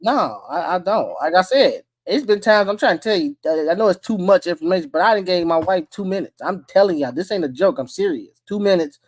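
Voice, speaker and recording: A man in his thirties hosting a podcast, telling loud, profane, animated stories in casual chat. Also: sits high, a little fast, hardly any pauses, no echo. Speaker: podcast host.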